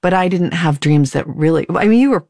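A woman hosting an interview, asking measured, attentive questions. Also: on the low side, animated, a little mellow, no echo, studio quality. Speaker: host. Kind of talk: interview host.

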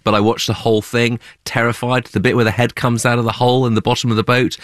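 A man co-hosting a business podcast who mixes scripted narration with animated chat. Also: medium pitch, fast, no echo, studio quality. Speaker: podcast co-host, business editor.

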